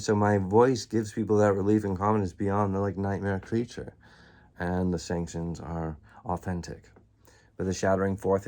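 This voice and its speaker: A man's voice: on the low side, darkish tone. A man talking alone to his viewers in a loose, disjointed monologue, full of fillers and bursts of laughter. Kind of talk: rambling solo monologue to viewers.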